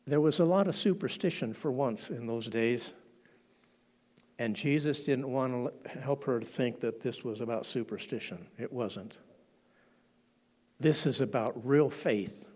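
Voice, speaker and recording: A man's voice: mid-range voice, measured pace, darkish tone. A man preaching a sermon in a church, dramatic and acting out the quoted lines as he tells the story.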